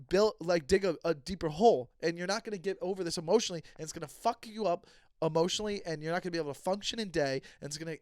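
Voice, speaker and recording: A man with a high voice tells a story on his podcast as a heated, profane rant. He switches between himself and the people in the story, and the sound is close and dry. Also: dry recording. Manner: acts out both sides of conversations. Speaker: comedian and podcast host. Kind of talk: casual storytelling monologue.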